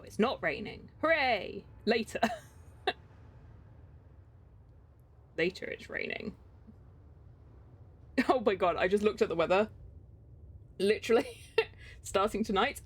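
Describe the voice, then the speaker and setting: A woman's voice: mid-range voice, husky. Chatty, giggly English woman streamer. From England. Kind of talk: casual live-stream chat.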